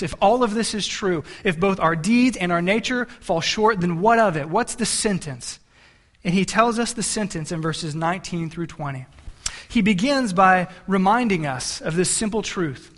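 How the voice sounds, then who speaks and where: A man's voice: high-pitched, fairly bright tone. A male pastor preaching a sermon in a conversational, storytelling way, with frequent restarts and asides to the congregation. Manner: many restarts and repeated words.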